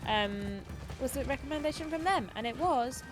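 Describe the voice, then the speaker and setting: A woman's voice: high voice, expressive, normal speed, music in the background. A woman in her twenties hosting a gaming livestream, chatting casually and rambling with lots of fillers. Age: 20s. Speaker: streamer host.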